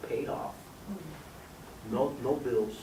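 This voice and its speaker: Persuasive man pitching in an echoey room. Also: fairly even intonation, slow. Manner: persuasive, quizzing listeners by name. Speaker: business opportunity presenter. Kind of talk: sales pitch to an audience. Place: meeting room with guests. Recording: echoey room, mic far off, faint background noise.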